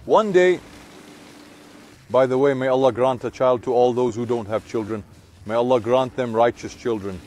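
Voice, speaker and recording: A man telling a spiritual story, moving between hushed passages and emphatic exclamations. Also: medium pitch, normal speed.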